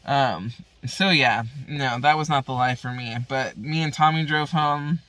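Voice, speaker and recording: A woman's voice: extremely low pitch, unhurried, a bit bright. A woman vlogger telling a story in casual chat, rambling and profane, full of fillers.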